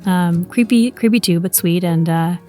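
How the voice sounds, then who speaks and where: A woman's voice: lowish voice, moderate pace, faint music behind. Chatty woman telling a ghost story. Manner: chatty, animated retelling with quoted dialogue. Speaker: podcast host. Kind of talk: casual storytelling.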